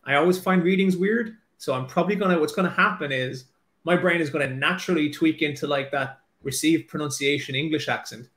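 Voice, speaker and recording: A man's voice: fairly high pitch, fairly quick, fairly bright tone. Irish guy rambling nervously about his book, lots of likes, echoey room. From Ireland. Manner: self-deprecating, nervous, many filler likes and restarts. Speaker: author. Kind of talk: casual chat, then reading aloud.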